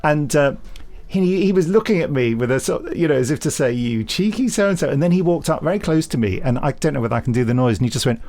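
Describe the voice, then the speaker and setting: A man's voice: on the high side, fast talker, few pauses. A man co-hosting a podcast, chatting casually and telling stories with enthusiasm. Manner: animated, enthusiastic storyteller. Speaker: podcast co-host. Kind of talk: casual chat.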